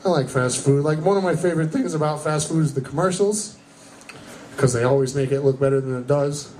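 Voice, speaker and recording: A young man performing a stand-up comedy set in a live club, telling stories with energy and breaking into shouted character voices. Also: on the high side, brisk, crowd noise. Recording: noisy live club recording. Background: audience laughter.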